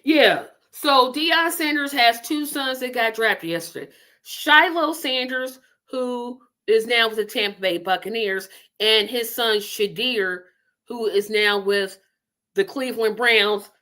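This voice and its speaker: A middle-aged woman hosts a casual solo talk show, speaking with a bright, forceful edge. Her pitch sits a little high. She is opinionated and emphatic, pressing her points and talking directly to the audience. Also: slow pace. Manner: opinionated, emphatic, animated, talks to viewers and reads comments. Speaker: host of a live online talk show.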